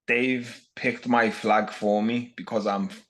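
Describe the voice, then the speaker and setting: A man's voice: fairly low pitch, flat delivery, unhurried, fairly bright tone. A man with a Scouse accent from Liverpool, a fighter talking bluntly and brashly as a podcast guest. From Liverpool, England. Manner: brash, blunt, says "lad" constantly. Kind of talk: casual podcast chat.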